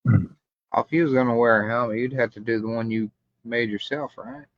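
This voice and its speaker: A livestream host with a medium-pitched, steady voice talks at a moderate pace in a laid-back, rambling live chat. The stream audio is muffled and lo-fi, with no room sound.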